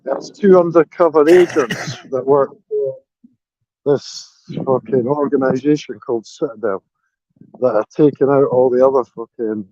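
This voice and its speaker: Scottish man with a dark, dull voice. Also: mid-range voice, moderate pace, no echo. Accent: Edinburgh Scottish. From Scotland. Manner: relaxed, swears casually. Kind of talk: casual online voice chat. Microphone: new headphones, holding phone.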